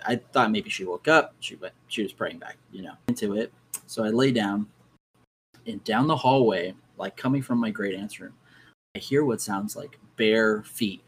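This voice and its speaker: A young man, a podcast guest, telling his own ghost experiences in a casual, animated way and acting out his reactions. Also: fairly low pitch, slight background noise, poor audio.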